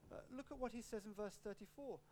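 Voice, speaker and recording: Male preacher, animated delivery, acts out quotes, shifting pace, faint hum behind. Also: high-pitched, fast talker. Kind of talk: expository sermon with a personal story.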